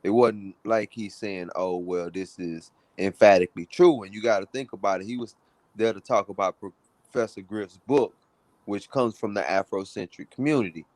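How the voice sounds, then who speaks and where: A man's voice: fairly low pitch, moderate pace, dry recording. A man on a debate panel, earnestly building his argument and checking that others follow. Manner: earnest, builds argument, asks "you know what I'm saying". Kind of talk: casual debate chat.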